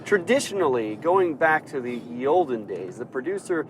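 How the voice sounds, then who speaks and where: A man's voice: medium pitch, sing-song, moderate pace, background noise. Man hosting a chatty music podcast. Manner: rambling, with many fillers and restarts. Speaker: podcast host. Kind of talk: casual chat.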